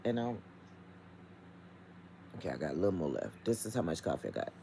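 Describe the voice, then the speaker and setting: A middle-aged woman vlogger with a strikingly low, mellow voice that swings widely in pitch. She speaks emphatically and chattily to her viewers from home, with a faint hum of noise behind her. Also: big pitch swings, brisk, creaky, rough recording. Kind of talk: casual vlog rant.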